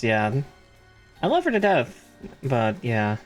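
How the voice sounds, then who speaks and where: A man chatting casually as a co-host on a stream, agreeable and quick to laugh. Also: mid-range voice, wildly swooping pitch, soft background music. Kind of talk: casual chat.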